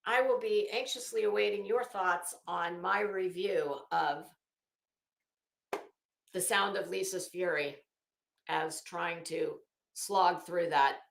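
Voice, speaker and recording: A woman's voice: on the low side, steady tone, slow, gravelly, long pauses, echoey room, slight background noise. A woman hosting a casual live stream, chatting with viewers by name and swearing freely. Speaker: live stream host reading chat.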